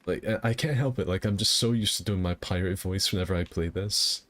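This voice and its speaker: A man's voice: sits low, brisk, fairly bright tone. A man chatting casually while he streams a game, rambling and self-deprecating. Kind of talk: casual gameplay commentary.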